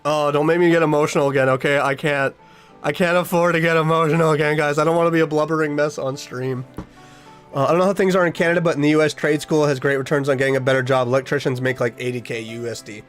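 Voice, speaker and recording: A man's voice: fairly high pitch, fairly even intonation, fast talker, soft background music. A young man streaming a casual chat with his viewers, earnest and rambling as he reads their messages aloud.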